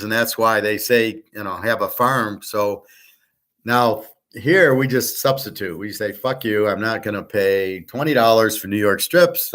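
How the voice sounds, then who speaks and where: A man's voice: mid-range voice, fairly bright tone. A man hosting a casual monologue, talking bluntly and rambling, with the odd swear word. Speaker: host.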